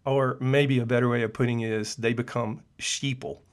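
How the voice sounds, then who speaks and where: A man's voice: mid-range voice, fairly even intonation, moderate pace. A middle-aged man, a clinician hosting his own show, speaking in an earnest, preachy personal monologue with frequent "uh" fillers. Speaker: podcast host and functional medicine clinician.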